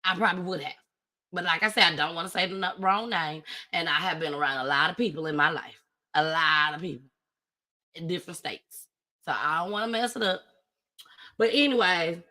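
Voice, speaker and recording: A woman hosting her own show, telling a personal story in an animated, casual way with big swings in pitch and loudness. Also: a little fast. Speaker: host.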